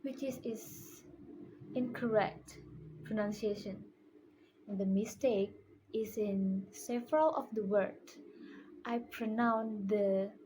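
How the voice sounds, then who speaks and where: A young woman, a native Indonesian speaker, talks in English with an Indonesian accent in a very unhurried way. She presents her own class work carefully, stopping to repeat single words over and over to demonstrate them. Her pitch sits in the middle for a woman, and faint noise hangs behind her. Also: darkish tone, low-quality recording. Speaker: student.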